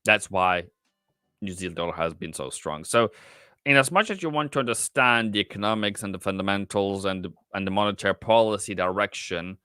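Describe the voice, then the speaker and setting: A man's voice: fairly low pitch, a little fast, sharp tone, clean tone, dry recording, studio quality. A man hosting a live trading stream, thinking aloud with many fillers and answering the chat in casual commentary. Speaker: livestream forex trader and host.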